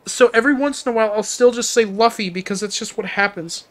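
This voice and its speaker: A man's voice: high-pitched, fast, few pauses. A man streaming a game, joking with chat and reading dialogue aloud in a playful, self-mocking way.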